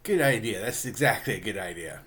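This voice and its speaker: A man's voice: fairly low pitch, expressive, a little fast, fairly bright tone. A man voicing a fussy, worried middle-aged mother who talks in a hesitant, anxious way.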